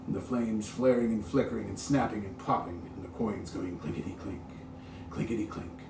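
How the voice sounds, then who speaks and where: A man's voice: low-pitched, a little fast. A man reading a ghost story aloud, dramatic and full of sound-effect words. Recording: roomy, distant mic with faint hiss.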